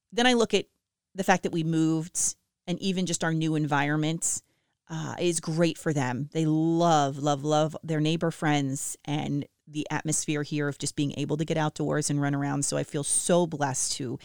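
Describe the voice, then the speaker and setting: A woman in her thirties chatting casually and self-deprecatingly to listeners about family life, with lively swings in her voice. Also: low-pitched, dry recording, clean studio sound. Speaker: mom sharing family updates with listeners. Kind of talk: casual chat.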